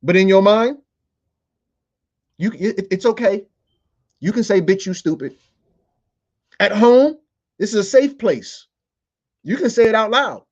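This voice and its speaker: A man's voice: sits high, unhurried, pauses often, lo-fi sound. A man hosting a podcast, delivering a playful, profane comedic monologue full of fillers. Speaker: podcast host.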